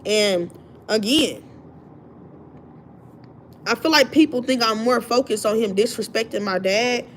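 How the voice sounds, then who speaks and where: A woman hosting her own livestream, telling a story in an indignant, animated way. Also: on the high side, a little slow, a little hiss or hum. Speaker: livestream host. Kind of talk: casual livestream rant.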